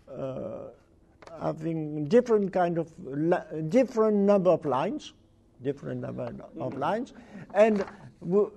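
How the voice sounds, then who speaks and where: A man delivers an academic lecture in English, his high voice mellow and dark in tone. He speaks slowly and haltingly, pausing to search for the right words.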